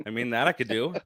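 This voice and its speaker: A male podcast co-host who runs the segments of a casual sports chat and swears freely. He gets defensive and mocks himself. His tone is bright and forceful, and the recording is dry and close. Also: medium pitch, no echo.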